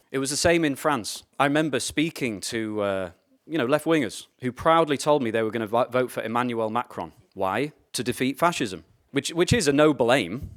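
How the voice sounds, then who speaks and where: A man speaks to a live audience in a lecture. His tone is sardonic, full of wry asides, and he briefly acts out the voices of the people he quotes. His voice sits at an ordinary middle pitch. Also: expressive, fairly quick. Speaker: speaker at a political school.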